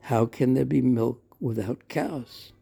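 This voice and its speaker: A man's voice: mid-range voice, slow, vocal fry, mellow, husky, heavily acted. A man voicing a small, playful boy god who pleads and insists on getting what he wants. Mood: insistent.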